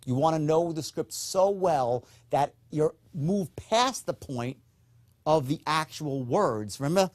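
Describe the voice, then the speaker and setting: A man teaching a recorded sales course, speaking emphatically and often checking in with a quick "okay?". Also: fairly high pitch, animated, darkish tone. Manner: acts out upbeat and dull tones in demonstrations. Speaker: sales trainer.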